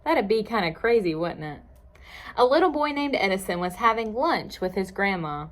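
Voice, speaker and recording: A woman librarian reading a picture book aloud at storytime, expressive, with playful asides to the children listening. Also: medium pitch, moderate pace.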